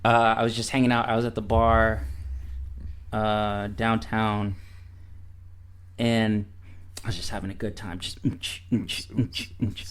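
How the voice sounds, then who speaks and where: A man, a podcast guest, chatting casually and telling a story in an animated way. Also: a little slow, long pauses, a little hiss or hum. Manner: animated storyteller, swoops up high for quoted voices. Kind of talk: casual chat.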